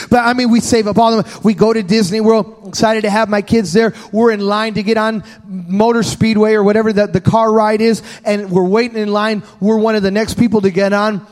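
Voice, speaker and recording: A man's voice: high-pitched, darkish tone, long reverb tail. A male pastor preaching a sermon, telling stories with jokes in a preacherly cadence. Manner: storytelling, joking, preacherly cadence.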